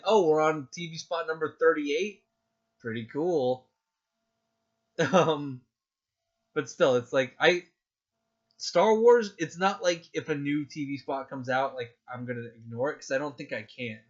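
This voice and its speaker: A man co-hosting a podcast in casual chat, excitable and gushing, acting out his own reactions. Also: on the high side, normal speed, lo-fi sound. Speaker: podcast co-host.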